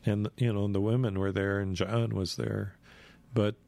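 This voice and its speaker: Gravelly-voiced man telling a Bible story. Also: on the low side, little pitch movement, moderate pace, mellow, dry recording. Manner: conversational, frequent "you know" asides.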